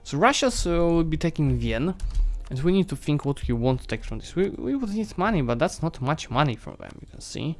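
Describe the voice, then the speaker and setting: A man streaming a strategy game, thinking aloud and chatting to the nations and armies on screen, his voice going hoarse. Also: a little high, big pitch swings, brisk, hardly any pauses, soft background music. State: losing his voice. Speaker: gaming streamer. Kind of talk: live strategy game commentary.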